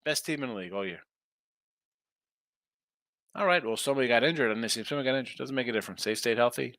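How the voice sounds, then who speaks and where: A man hosts a sports betting live stream, chatting casually while reading viewer comments. He is brash, sarcastic and fast-talking, with a medium-pitched, fairly bright voice on a dry, studio-quality recording.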